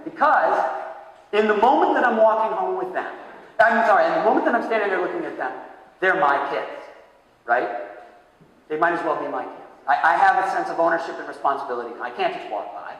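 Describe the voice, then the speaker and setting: A man in his fifties from Massachusetts giving a conference keynote talk, an animated storyteller who acts out voices. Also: on the high side. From Massachusetts, USA. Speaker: keynote speaker. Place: large hall. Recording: echoey hall, heard from far off.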